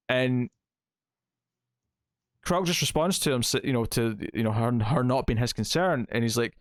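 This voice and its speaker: With an expressive mid-range voice, a man co-hosting a comic-review podcast retells a plot at a moderate pace, pausing often. It's casual, chatty talk packed with fillers and acted quotes, recorded at studio quality without echo.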